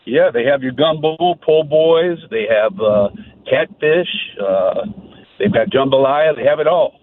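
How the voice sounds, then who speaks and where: A man calling in to a radio show, loud and enthusiastic, over a phone line. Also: mid-range voice, animated, measured pace, no echo. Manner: enthusiastic, loud, lists dishes. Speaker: caller. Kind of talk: phoning in to a talk show. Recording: dry tinny phone line.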